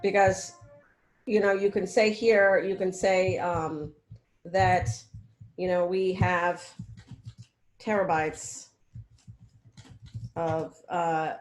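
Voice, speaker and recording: A woman talks through feedback on a video call, her voice slightly low and the room echoey. She rambles, fills pauses with "um" and "you know", and keeps asking whether her listeners follow. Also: slight background noise. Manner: rambling, filler-heavy, checks in often. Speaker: research mentor. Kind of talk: casual meeting feedback.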